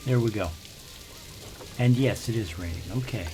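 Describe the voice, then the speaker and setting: A man's voice: fairly low pitch, moderate pace, over music. An older man, rambling through casual gameplay commentary with grumbling asides. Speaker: let's play host.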